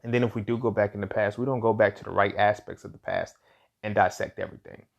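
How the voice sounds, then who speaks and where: Low gravelly man musing in slang. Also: steady tone, quick pace, dull audio. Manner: casual, slangy, frequent "you feel what I'm saying"; repeats words and restarts while thinking aloud. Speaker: podcast host. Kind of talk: solo commentary monologue.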